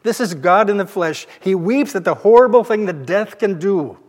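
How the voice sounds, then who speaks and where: A man's voice: sits high, lively intonation, moderate pace, long reverb tail. A male pastor giving a sermon, retelling scripture as a casual, conversational story.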